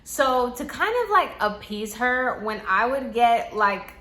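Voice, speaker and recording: A woman telling a casual story to camera, chatty and animated, peppering her speech with "like" and acting out quotes. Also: fairly high pitch, slow pace. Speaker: storytime vlogger. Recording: echoey room.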